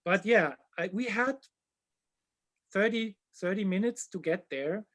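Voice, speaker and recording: Telling a funny story from a tour in casual conversation, a man speaks animatedly, his high voice moving at a measured pace and sinking to a hush whenever the tale gets embarrassing.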